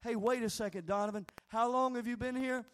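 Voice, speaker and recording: A man's voice: very high voice, steady tone, brisk, clean tone, pitched above the performer's own voice. A man voicing the Holy Ghost in a sermon story, a firm male spirit who reassures him. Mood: encouraging. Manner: reassuring, insistent.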